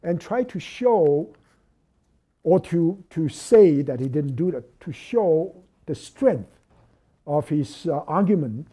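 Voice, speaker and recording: A man's voice: on the high side, lively intonation, slow, dark tone, breathy edge. Man giving a lecture. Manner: thoughtful, hesitant with frequent fillers and restarts. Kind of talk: academic lecture.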